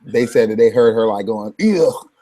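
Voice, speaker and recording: Mellow-voiced man, opinionated. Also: lowish voice, flat delivery, a little fast. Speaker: podcast co-host. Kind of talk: casual chat.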